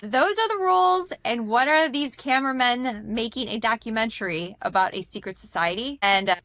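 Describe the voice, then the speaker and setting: A woman's voice: fairly high pitch, lively intonation, moderate pace, fairly bright tone, dry recording. A woman co-hosting a podcast, retelling film scenes in a laid-back way. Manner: laid-back, laughs through her retelling. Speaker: podcast co-host. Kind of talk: casual movie recap chat.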